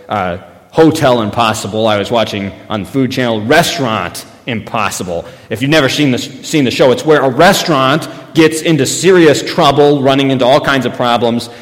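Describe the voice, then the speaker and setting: A man preaching a sermon in a church, his middle-pitched voice ringing out with a long hall reverb. He talks conversationally, weaving in everyday stories and lifting his voice for emphasis. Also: fairly bright tone. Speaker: pastor.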